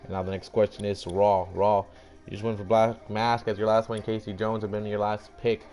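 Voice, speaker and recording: Young male gaming commentator, lowish voice, lively and casual, faint music bed. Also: normal speed. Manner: animated, playful, acts out brands in voiced quotes, swears casually. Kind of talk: casual video game commentary.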